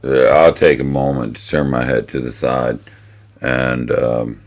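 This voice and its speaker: A man's voice: a bass voice, little pitch movement, measured pace. A man playing a tabletop game, talking casually and matter-of-factly. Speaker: player.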